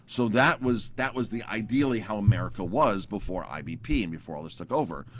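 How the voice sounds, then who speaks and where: A man's voice: fairly low pitch, lively intonation, fairly quick, a bit bright, a little hiss or hum. A man in his thirties, a chef, telling a story to camera in a casual, rambling way with lots of repeated words and fillers.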